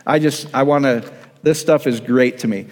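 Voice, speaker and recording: A man's voice: medium pitch, moderate pace, in a large hall. A man preaching a sermon, emphatic and repetitive, often restarting his sentences. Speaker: pastor.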